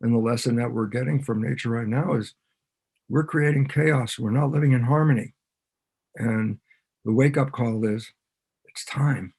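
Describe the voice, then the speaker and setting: A man with a gravelly, somewhat husky voice talks as a guest on an interview podcast. He explains his points with lively energy, often switching into quoted voices to act out little back-and-forth exchanges. His pitch sits in an ordinary middle range. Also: moderate pace, pauses often. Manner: animated, acts out both sides of dialogues.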